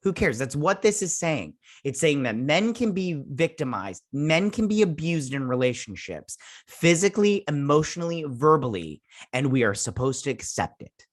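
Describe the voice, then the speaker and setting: A man's voice: a little high, sing-song, moderate pace. A man hosting his own reaction vlog, ranting heatedly with many restarts and fillers. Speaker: YouTube channel host.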